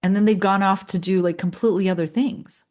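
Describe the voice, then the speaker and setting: A woman's voice: medium pitch, steady tone, fairly quick, darkish tone. A middle-aged woman coaching people who lost school leadership jobs, talking earnestly and chatting, often acting out what her clients might say. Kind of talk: coaching session talk.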